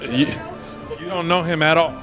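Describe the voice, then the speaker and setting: A man's voice: on the high side, fairly even intonation, moderate pace, music in the background. A man hosting a man-on-the-street interview, joking and teasing the people he stops outdoors.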